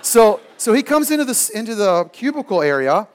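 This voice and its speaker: A man preaching a sermon and telling a personal story, moving from loud emphasis to hushed asides and acting out the people in it. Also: high-pitched, big pitch swings, fairly quick. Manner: acts out the people in his stories. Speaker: pastor.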